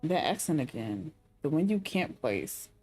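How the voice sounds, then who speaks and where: Brief: a young female streamer reading game narration and musing aloud, low voice with lively pitch. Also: measured pace, slightly rough. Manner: chatty, speculative asides between read-out narration. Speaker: gaming streamer. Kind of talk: reading game text and chatting during a playthrough.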